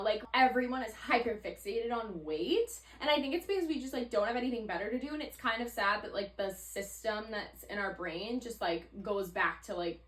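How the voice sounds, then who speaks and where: A woman's voice: a little high, moderate pace, few pauses, fairly bright tone. Chatty young woman, swearing podcast host. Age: 20s. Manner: chatty, swears freely, heavy "like" filler. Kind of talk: casual solo podcast monologue. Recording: roomy echo.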